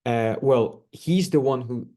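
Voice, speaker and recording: A man co-hosting a football podcast, giving earnest analysis in a halting way with many fillers. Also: mid-range voice, mellow. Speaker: podcast co-host.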